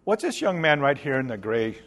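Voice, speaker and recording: A male preacher talking to a congregation in a loose, conversational way. He tosses in slang and briefly acts out the lines of the people he quotes, with a middle-pitched voice. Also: faint music behind. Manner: casual and animated, slangy asides like "dude"; voices imagined speakers in quick asides. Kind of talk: sermon.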